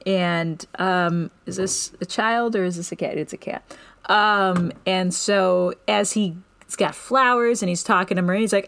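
A woman's voice: medium pitch, fairly even intonation, moderate pace, gravelly, fairly bright tone. A woman co-hosting a podcast, chatting casually and laughing easily as she recaps a TV episode with some swearing. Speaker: podcast co-host.

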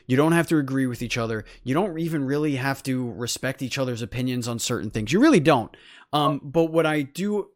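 A man's voice: mid-range voice, animated, fairly quick, no echo, clean studio sound. A man hosting a podcast, giving an earnest, rambling sign-off full of restarts and fillers. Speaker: podcast host. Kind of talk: casual sign-off chat.

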